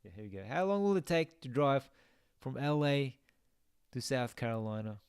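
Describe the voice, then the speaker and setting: A man's voice: medium pitch, animated, normal speed, a little mellow, smooth, no room sound, studio quality. A young man chatting casually on a game live stream, reading out viewer comments and musing aloud.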